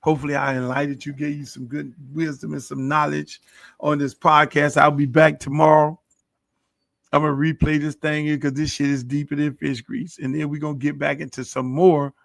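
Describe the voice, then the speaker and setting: A man's voice: mid-range voice, vocal fry, no echo, clean studio sound. A middle-aged man hosting his own podcast, delivering a boastful, preachy monologue full of swearing. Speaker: podcast host. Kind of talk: profane monologue.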